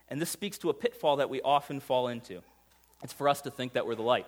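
A man preaching a sermon conversationally, asking his listeners questions and swinging between loud emphasis and hushed intensity. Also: mid-range voice, quick pace. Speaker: pastor.

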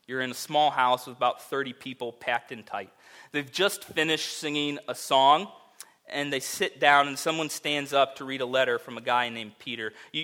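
A man preaching a sermon, telling a vivid second-person story that rises to loud, emphatic peaks. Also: medium pitch. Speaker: pastor.

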